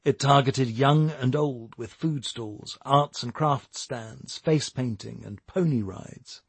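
A man giving steady, measured scripted narration of a novel. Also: medium pitch, creaky, slightly rough, dry recording. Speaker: audiobook narrator.

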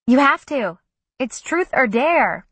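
Bossy teen girl, insistent, read by a woman, breathy, slow. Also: sits high, big pitch swings, a bit bright, dry recording, pitched above the performer's own voice, heavily acted. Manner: insistent, teasing. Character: pushy bossy teenage girl.

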